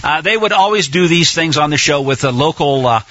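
A man hosting religious talk radio, his voice high-ish, husky and bright. He rambles eagerly, full of fillers and restarts. The sound is dull and lo-fi, like an old broadcast. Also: animated, a little fast. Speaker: radio host.

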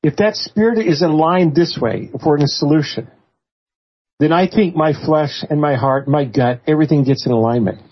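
A husky-voiced man hosts a relaxed faith discussion, speaking earnestly and thoughtfully. The recording is slightly muffled. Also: on the high side, normal speed. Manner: earnest, reflective, steers the talk.

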